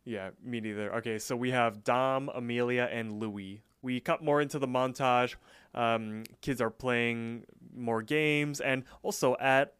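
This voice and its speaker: A man co-hosting a podcast, casually recapping a cartoon episode with lots of fillers and quick voice impressions. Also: mid-range voice, steady tone, fairly bright tone, smooth, no room sound, clean studio sound. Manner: loose, filler-heavy retelling with quick voice impressions. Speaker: podcast co-host.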